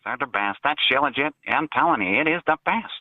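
A man's voice: medium pitch, lively intonation, brisk, dry recording, lightly acted. A man on a phone call, putting on a cartoonish fake voice as a boastful, drawling caller who keeps saying "mister". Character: gruff male prank caller in a cartoonish put-on voice. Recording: tinny phone line.

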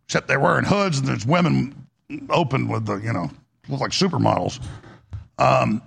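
A man hosting a radio talk show, delivering an impassioned, preachy monologue in a gravelly, husky voice that swings between high and low. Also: moderate pace, a bit bright.

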